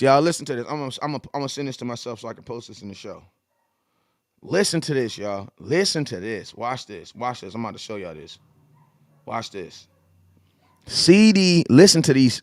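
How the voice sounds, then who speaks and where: A man in his forties hosting a casual live sports talk stream, animated and repetitive, full of slang, talking straight to his chat. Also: mid-range voice, moderate pace, dry recording, studio quality. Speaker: live show host.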